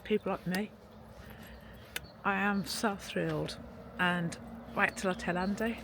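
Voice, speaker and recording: A chatty woman vlogs to camera outdoors, rambling and gushing as she talks. She is cold, so her speech comes out a little shaky. Loud outdoor noise runs behind her voice. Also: mid-range voice, fairly even intonation, measured pace. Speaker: motorhome vlogger. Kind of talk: casual vlog chat to camera. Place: outdoors at a castle.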